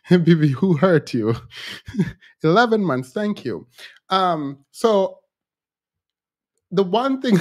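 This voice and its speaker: A man's voice: high-pitched, big pitch swings, drawn-out words, pauses often, darkish tone. A man hosting a casual commentary show, chatty and often laughing between his remarks. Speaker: host.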